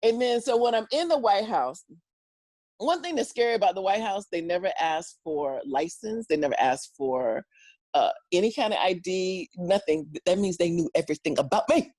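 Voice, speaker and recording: A woman guest telling a story in an animated way, laughing often and acting out what people said. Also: normal speed, no room sound. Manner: acts out quotes in loud high voices. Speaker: podcast guest.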